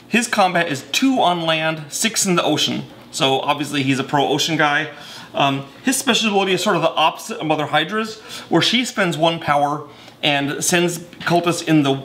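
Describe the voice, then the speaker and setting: A man with a slightly higher voice walks through board game rules in a relaxed, conversational way. He stumbles, corrects himself and leans on fillers as he explains each piece. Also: normal speed, slight background noise. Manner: chatty, self-correcting, with many fillers.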